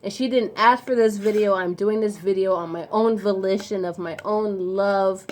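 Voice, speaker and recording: A young woman in a casual unboxing vlog, talking in an excitable, emotional and slangy way, gushing with gratitude. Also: mid-range voice, normal speed, slight background noise. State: throat dry. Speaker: vlogger unboxing gifts.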